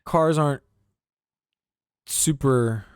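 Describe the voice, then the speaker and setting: A man's voice: medium pitch, drawn-out words, clear, resonant tone, no room sound. Laid-back podcast guy, dry sound. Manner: laid-back, swears casually, calls his friend dude. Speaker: podcast co-host. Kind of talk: casual chat.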